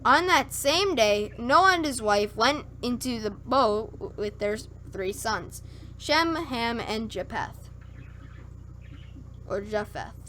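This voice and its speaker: Woman streamer slowly reading scripture aloud, slightly high voice, lots of little stumbles and self-corrections, faint hum in the background. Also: expressive, a bit bright. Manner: wry skeptical asides. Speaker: livestream streamer.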